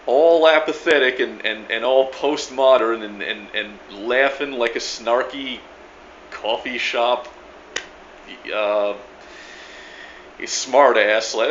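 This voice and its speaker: A man's voice: mid-range voice, slow pace, long pauses, a bit bright. Rambling, emphatic man on lo-fi audio. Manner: rambling, emphatic, many restarts and stammers, mocking paraphrase, swears often. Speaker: video blogger replying to another creator. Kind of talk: casual spoken video reply. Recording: dull lo-fi sound with faint background noise.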